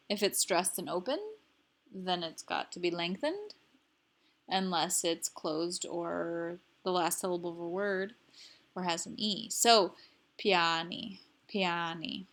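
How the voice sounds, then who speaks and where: A woman teaching a language lesson, explaining syllables slowly and repeating each example word carefully for learners. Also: on the low side. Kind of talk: slow instructional explanation.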